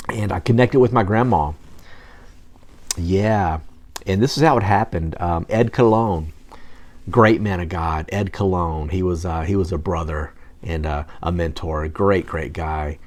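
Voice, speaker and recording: Low-pitched male preacher, earnest personal testimony, emotional and at times hushed. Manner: earnest, emotional storytelling with soft hushed passages. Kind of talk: testimony sermon.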